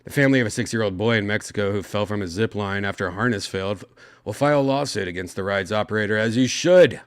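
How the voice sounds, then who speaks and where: A man's voice: on the low side, quick pace, clean tone, no echo, studio quality. A man hosting a podcast, reading news stories aloud in a casual chat and reacting with lots of exclamations and swearing. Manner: animated, exclaiming, swearing often. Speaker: podcast host.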